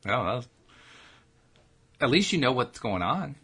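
A man's voice: medium pitch, very animated, measured pace, a crowd in the background. A man co-hosting a casual talk show, asking probing coaching questions and often restarting his sentences. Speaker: podcast co-host.

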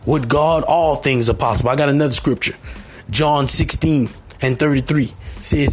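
A man giving a motivational sermon, repeating short phrases and rising to near shouts, with faint music underneath. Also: medium pitch, normal speed, slightly rough. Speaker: motivational speaker.

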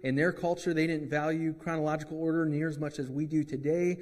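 A man's voice: a little high, fairly even intonation, quick pace, a little mellow, long reverb tail. A man preaching a sermon as pastor, in a conversational way with joking asides.

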